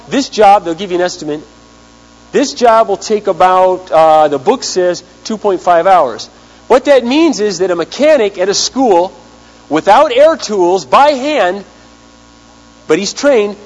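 A man preaching a sermon, telling a story in an animated way and acting out the people he quotes. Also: high voice. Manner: animated storyteller, acts out quotes, big swings in loudness. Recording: hum with long hall reverb.

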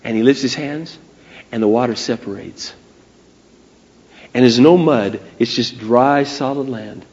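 A man preaching a sermon, retelling stories in an animated way and speaking straight to his listeners. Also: mid-range voice, a little slow, pauses often, muffled recording.

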